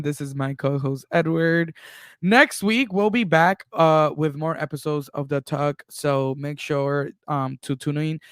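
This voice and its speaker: A man co-hosting a podcast, wrapping up the episode in loose casual chat, laughing often and filling pauses with "um". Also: on the high side, fairly bright tone, clean tone, no echo, studio quality. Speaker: podcast co-host.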